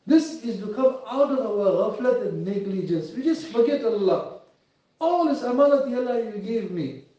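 A man's voice: very high voice, lively intonation, moderate pace, mellow. A man preaching an earnest, pleading sermon with English, recorded from a distance in a mosque hall. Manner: earnest, pleading, rising and falling emotion. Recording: echoey hall from far off, dull lo-fi.

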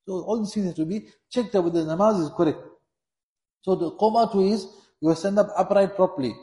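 A brisk, high-pitched man with a dark tone preaches as an Islamic preacher. Earnestly urging his listeners, he repeats points for emphasis, and his voice echoes in the room.

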